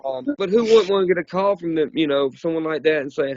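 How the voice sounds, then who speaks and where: A man's voice: medium pitch, sing-song, brisk, few pauses, darkish tone, no room sound. A man, a wrestler guest, talking candidly and emotionally in a casual interview. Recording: muffled lo-fi recording.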